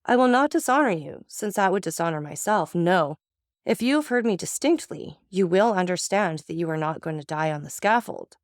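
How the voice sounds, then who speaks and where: A woman's voice: lowish voice, expressive, moderate pace, no echo, clean studio sound, close to an everyday voice. A woman doing a cold accusing magistrate. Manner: coldly accusing, contemptuous. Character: stern cold-blooded magistrate husband, male.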